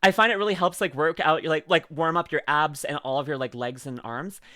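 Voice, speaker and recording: A man's voice: fairly high pitch, brisk, bright, forceful tone, no echo, clean studio sound. A man streaming live, chatting casually and rambling playfully with lots of fillers while he reacts to a video.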